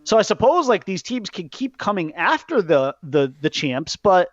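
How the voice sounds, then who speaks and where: A man hosting a podcast, ranting in a casual, profane way about a wrestling event, jumping between loud outbursts and low muttering. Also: big pitch swings, moderate pace, no room sound. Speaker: podcast host. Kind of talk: casual wrestling recap rant. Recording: dull lo-fi podcast mic.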